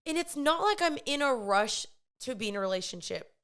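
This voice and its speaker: A young woman hosts a faith-based podcast, opening up in an earnest, confessional way and leaning on "like" as she talks. Her voice sits a little high and sounds smooth and clear. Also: big pitch swings, a little fast, fairly bright tone. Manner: earnest and confessional, many "like" fillers. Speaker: podcast host. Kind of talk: candid faith-based personal chat.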